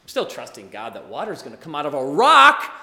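A male pastor preaching a sermon in an animated way, acting out the people he talks about. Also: fairly high pitch, a little fast, vocal fry. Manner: animated, acts out quoted voices. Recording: echoey hall with long reverb.

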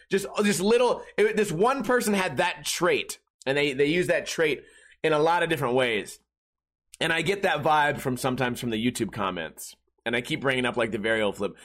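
A man's voice: sits high, normal speed, fairly bright tone. A man in his thirties hosting a podcast, ranting in a sarcastic, profane, rambling way. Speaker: podcast host. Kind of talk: casual ranting monologue.

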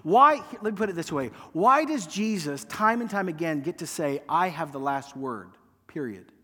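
A man preaching a sermon as pastor, acting out quoted lines with emphasis and letting phrase ends fall quiet. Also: on the high side, lively intonation, normal speed. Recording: long hall reverb.

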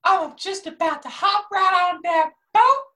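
Woman doing a shouty italian-accent mario, super high and bright, blunt comedy bit. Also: a little slow, heavily acted. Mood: brash. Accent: put-on thick Italian. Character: brash Italian-accented ex-wife Mario, boastful. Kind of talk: improvised comedy podcast.

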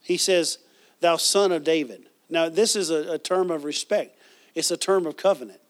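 A man's voice: a little high, moderate pace. A man preaching a sermon as pastor, reading scripture and asking the congregation questions, with frequent restarts.

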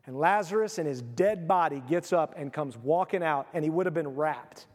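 A male pastor preaching a sermon, telling the story with animated, acted-out voices. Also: a little high, normal speed, in a large hall.

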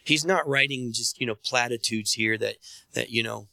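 Bright-voiced preaching man, dry close sound. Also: medium pitch, normal speed, vocal fry, no echo. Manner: preaching, calls on the congregation to respond. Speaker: pastor. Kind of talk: sermon.

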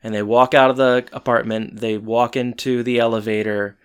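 A man's voice: mid-range voice, flat delivery, moderate pace, clear, resonant tone. A man co-hosting a casual chat, retelling a TV episode in a loose, rambling way with fillers. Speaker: podcast co-host.

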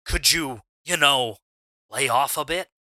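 A man playing a laid-back bro wrestler with a bright voice. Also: medium pitch, measured pace, dry recording. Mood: casual, irritated. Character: cocky young male pro wrestler, golden boy.

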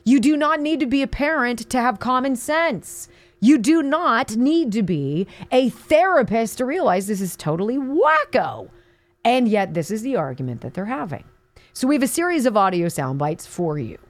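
A middle-aged woman hosting a talk show, her pitch swinging widely as she mocks and stresses her points. The sound is close and dry, with no room around it. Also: very animated, moderate pace, no echo. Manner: sarcastic, emphatic, mocking asides. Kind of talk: opinionated talk radio monologue.

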